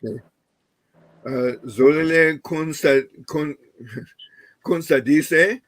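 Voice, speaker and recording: Hesitant male student, slow and halting. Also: fairly high pitch. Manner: hesitant, stumbling over words. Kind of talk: online language lesson.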